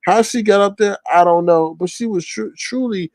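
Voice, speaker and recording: A man's voice: high voice, normal speed, no echo. Brief: male commentator, casual and slangy, hammers points by repetition, close dry sound. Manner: animated, slangy, repeats phrases for emphasis.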